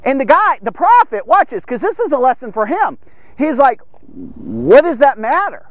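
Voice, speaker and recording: A man's voice: very high-pitched, normal speed, no echo. A man giving a casual Bible teaching, often checking in with "okay?" and acting out the people in the story. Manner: keeps checking in with "okay?" and "here's the thing"; animated, acts out the people in the story. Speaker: devotional podcast teacher.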